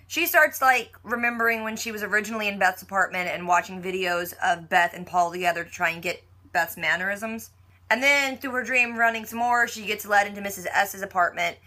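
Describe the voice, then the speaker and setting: In a pushed, bright, mid-range voice, a woman talks fairly quickly through a casual recap of a TV episode. She's chatty, says "like" constantly, and playfully mock-quotes the characters.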